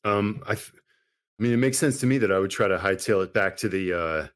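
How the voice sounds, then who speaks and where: A man's voice: lowish voice, brisk. A man playing a tabletop game, laid-back, chuckling and thinking aloud. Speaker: player. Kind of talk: casual chat in a tabletop game.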